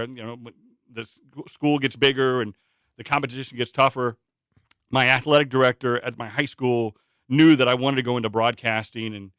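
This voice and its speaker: A middle-aged man from Indiana, a stadium announcer, telling anecdotes in a relaxed interview with frequent fillers. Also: mid-range voice, normal speed, clean tone, dry recording, studio quality. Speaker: interview guest, public address announcer. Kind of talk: conversational storytelling.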